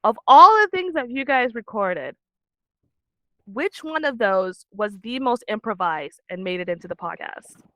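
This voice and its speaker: A woman's voice: mid-range voice, lively intonation, unhurried, fairly bright tone, no echo, highs cut off. A woman hosting a casual podcast interview, playful and bubbly as she asks questions. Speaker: podcast host.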